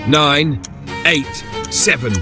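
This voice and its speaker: A man voicing an eerie street performer who counts down calmly in a horror story. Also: fairly high pitch, extremely slow, pitched above the performer's own voice. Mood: showman. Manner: showman's counting, calm and triumphant. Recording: background music under voice.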